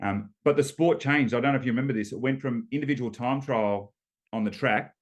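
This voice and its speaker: An Australian man in his fifties, a former rower, telling stories as a guest in a relaxed interview, laughing between points and restarting often. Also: mid-range voice, a little fast, lo-fi sound. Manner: chatty storyteller, laughs between points, many ums and restarts. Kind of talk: casual storytelling interview.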